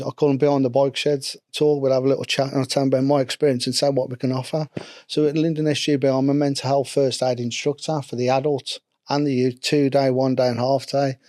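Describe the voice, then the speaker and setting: A middle-aged man from England with a local regional accent speaks candidly and at length as a podcast guest and mental health instructor, in a rambling, earnest, self-deprecating way. His voice is mid-range and darkish, captured with clean studio sound and no echo.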